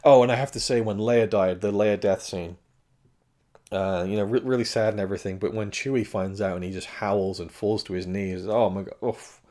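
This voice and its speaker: Man, low-pitched, strained cracking voice, rambling casual film review, lots of restarts. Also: mellow. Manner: rambling, with frequent restarts and self-corrections.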